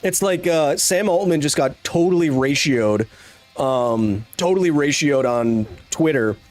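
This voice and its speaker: A man's voice: fairly high pitch, a little slow, darkish tone, soft background music. A man hosting a live stream, ranting casually in a sarcastic, exasperated way. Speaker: streamer host.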